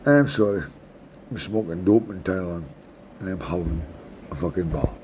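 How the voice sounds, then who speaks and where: A man's voice: low voice, moderate pace, background noise. A Scottish man in his sixties telling a rambling story in casual chat, swearing freely and tagging "right?" onto his sentences. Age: 60s. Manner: rambling, swears a lot, keeps adding "right?". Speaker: vlogger.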